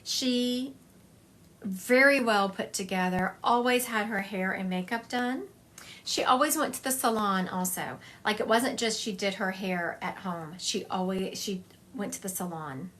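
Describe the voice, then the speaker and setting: A woman's voice: mid-range voice, a little slow, fairly bright tone. A woman giving a psychic medium reading on a live stream, talking in a chatty, confiding way and thinking aloud as she goes.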